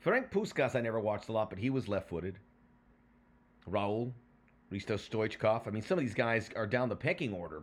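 A man hosting a podcast, chatting casually and telling stories in a lively way, then reading a prepared segment. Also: on the low side. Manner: lively, animated storyteller. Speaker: podcast host.

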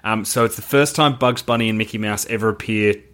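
A man co-hosting a casual film podcast, talking in an animated, emphatic way and swearing freely. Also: lowish voice, fast. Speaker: podcast co-host.

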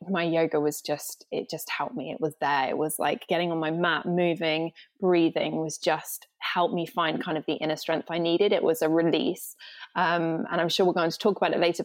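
Rambling woman yoga guest. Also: fairly low pitch. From England. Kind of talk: podcast interview.

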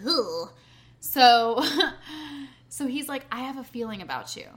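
Bright-voiced young woman telling a story. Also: fairly high pitch, slow pace, long pauses. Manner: animated storytelling, acting out others' lines, frequent swearing. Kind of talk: casual chat.

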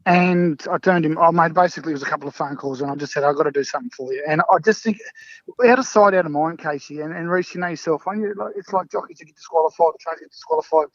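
Aussie bloke yarning fast, lots of mate, kinda dull dry recording. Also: male voice, fairly high pitch, no echo. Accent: Australian. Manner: blokey, calls everyone mate, many restarts. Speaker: interview guest. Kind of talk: casual storytelling chat.

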